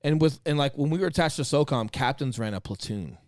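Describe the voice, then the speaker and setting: A former Marine, now a podcast guest, telling stories in casual, profane, emphatic chat. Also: male voice, medium pitch, lively intonation, brisk, no room sound, clean studio sound.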